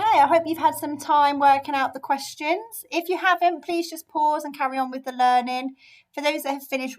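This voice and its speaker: A woman teacher, giving a recorded remote lesson and explaining each answer step by step in an encouraging way. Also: high voice. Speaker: primary school teacher.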